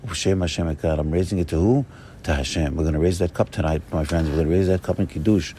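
A man giving a fervent Sabbath morning sermon as a rabbi, repeating short phrases and swinging between loud bursts and soft low asides. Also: quick pace, slight background noise.

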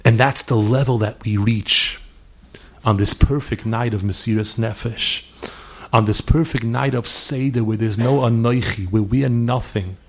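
A middle-aged man at a moderate pace and mid-range pitch tells stories in a rabbi's holiday sermon. He voices the figures in his tales and weaves Yiddish and Hebrew words into English.

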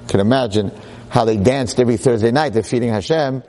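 A man telling a story in a sermon, an animated storyteller with dramatic pauses. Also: mid-range voice, a little hiss or hum. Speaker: rabbi lecturer.

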